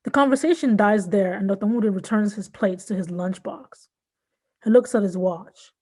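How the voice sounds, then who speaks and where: A woman author reads her own short story aloud at a measured pace. Her voice is mellow and darkly colored, with a middle pitch. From born in Nigeria, raised in Southern California. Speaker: fiction writer reading her work. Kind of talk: literary reading.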